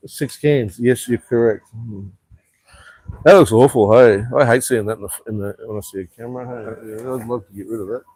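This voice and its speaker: A man's voice: mid-range voice, fairly even intonation, a little fast, a little mellow, slightly rough, no room sound. A man chatting on a rambling live stream from an outdoor rooftop bar, swearing freely and reading out viewer comments. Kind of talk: casual live stream chat.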